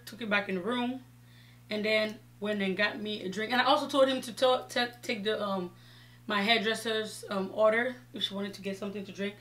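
A woman beauty vlogger chatting casually while doing her makeup, retelling a story with lively quoted dialogue. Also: medium pitch.

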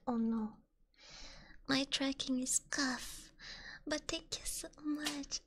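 High soft-whispering French-accented woman. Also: slight background noise. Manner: soft whispering, giggly, drawn-out words. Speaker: ASMR streamer. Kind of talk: whispered ASMR chat.

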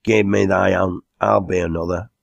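A man's voice: flat delivery, normal speed, creaky, no room sound, highs cut off. A man doing Enoch, a boisterous old drinker. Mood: rowdy. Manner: boisterous, raises his pitch and voice. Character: excitable loud old Lancashire drinking man.

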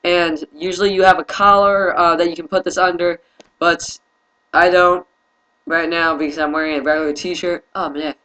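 Young man, tired, hesitant, apologetic, bright tone, a bit high, casual tutorial. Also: level tone, normal speed, poor audio. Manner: hesitant, apologetic, many fillers. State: tired, yawning. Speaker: video host.

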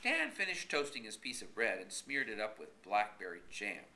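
Bright, lively male storyteller. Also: lowish voice, moderate pace, few pauses. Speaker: reader for language students. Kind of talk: reading a novel aloud.

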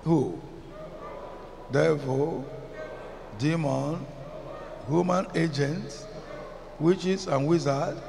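Speaking extremely slowly with frequent pauses, a Nigerian-accented pastor preaches in a slightly high voice with vocal fry. Background noise is present as he emphatically chants phrases and asks the congregation questions. The large hall gives long reverb and faint ambience.

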